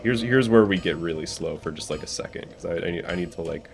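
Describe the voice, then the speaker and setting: A man's voice: sits low, fast talker, slight background noise. A young man streaming a speedrun, talking casually over his gameplay, swearing and laughing at his own mistakes. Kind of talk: casual live gameplay commentary.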